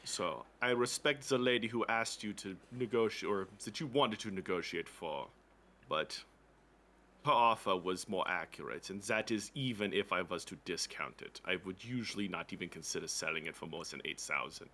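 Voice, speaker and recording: Jugador serio de voz grave y brillante. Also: male voice, low voice, moderate pace, pushed and bright. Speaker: player. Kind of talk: tabletop role-play.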